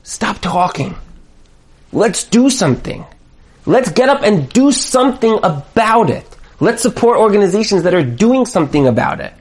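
A man teaching a lively Torah class, repeating his points for emphasis and sprinkling in Hebrew and Yiddish words. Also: sits high, moderate pace. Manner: lively, acts out quoted voices, emphatic repetition. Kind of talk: animated Torah class lecture.

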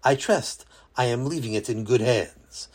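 A man voicing a stately, gracious king who speaks in a measured, formal way. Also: medium pitch, husky, voice pushed down.

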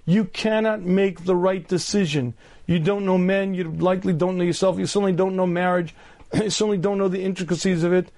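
A middle-aged man, a rabbi, giving an earnest lecture on faith and dating, often clearing his throat. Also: sits high, fairly even intonation, a little fast, a little mellow.

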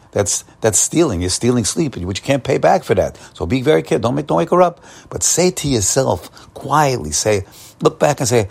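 A Torah teacher with a medium-pitched voice and vocal fry gives an upbeat, encouraging morning talk. He often repeats and restarts his phrases.

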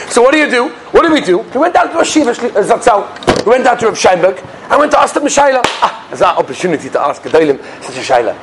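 Animated man teaching fast. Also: very high voice, noisy background. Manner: lively storytelling, rhetorical questions, mixes Yiddish and Hebrew terms. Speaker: rabbi teaching Jewish law. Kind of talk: animated lecture with anecdotes.

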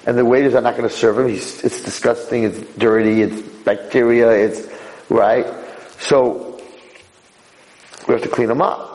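A man giving a Torah lecture as a rabbi, animated, his voice leaping high for emphasis. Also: normal speed, pauses often. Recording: echoey hall.

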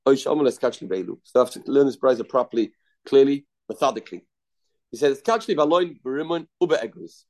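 A man's voice: medium pitch, lively intonation, brisk. A man teaching a Talmud lesson, repeating phrases and thinking aloud as he works through the text. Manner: repetitive, thinking aloud, mixing Aramaic terms into English.

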